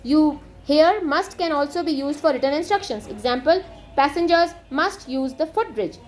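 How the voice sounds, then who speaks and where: A woman teaching an English textbook lesson, reading items aloud and explaining them in a steady, methodical way. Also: sits high, normal speed.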